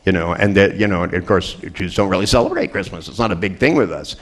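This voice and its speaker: A low-pitched, fast-talking middle-aged man gives a humorous seminar talk to a group. As the trainer, he tells jokey stories and plays out the voices of the people in them.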